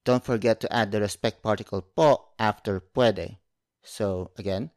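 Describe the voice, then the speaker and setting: A man teaching a language lesson, speaking slowly and carefully and repeating each word for practice. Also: medium pitch, expressive, a little mellow, no room sound, clean studio sound. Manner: slow, careful, repeats words for drilling.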